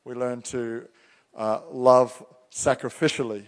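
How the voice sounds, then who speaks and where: A man's voice: mid-range voice, fairly even intonation, slow. Man, pastor, earnest sermon, emphatic, long hall echo. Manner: earnest, emphatic preaching, reads scripture aloud.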